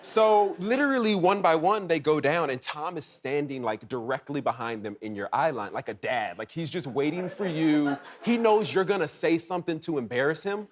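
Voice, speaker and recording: A man on a late-night talk show, telling a story with lots of energy and laughter. His voice sits a little high for a man. He jumps into quick impressions of other people as he goes. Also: animated. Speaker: actor guest.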